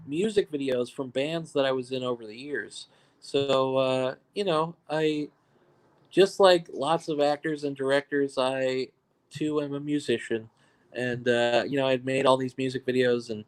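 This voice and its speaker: A man from New York, a filmmaker, telling loose, joking stories in an interview and laughing at his own punchlines. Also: medium pitch. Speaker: guest filmmaker. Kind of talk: casual interview storytelling.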